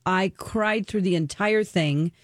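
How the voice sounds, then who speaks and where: A woman co-hosting a talk radio show reviews a documentary in casual chat, speaking earnestly, emotionally and openly about her own experience. Her mid-range voice is unhurried, captured on a studio microphone with no echo.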